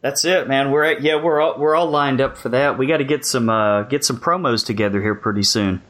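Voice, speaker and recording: A man's voice: medium pitch, a little fast. Podcast host guy, easygoing, mid voice, lots of uhs. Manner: relaxed, with fillers and restarts. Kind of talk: casual chat.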